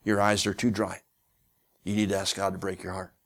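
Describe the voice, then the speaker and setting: A man's voice: deep voice, little pitch movement, fairly quick, vocal fry, a bit bright. A man voicing an earnest young male preacher who speaks urgently.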